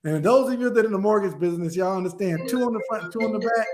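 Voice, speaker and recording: A middle-aged man as a guest speaker, telling a story with lively acted-out dialogue in an interview. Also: sits high, quick pace, crowd noise. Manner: animated storyteller acting out quoted dialogue.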